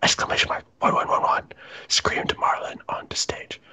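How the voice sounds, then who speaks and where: A man doing a comedic, mock-dramatic reading of fan fiction, reading the punctuation aloud in a breathy half-whisper. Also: moderate pace, sharp tone. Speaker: reader.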